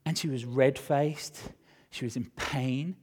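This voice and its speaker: A middle-aged male pastor preaching a sermon, telling a personal story with animated emotion, swinging between loud and hushed. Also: medium pitch, slow, slightly rough.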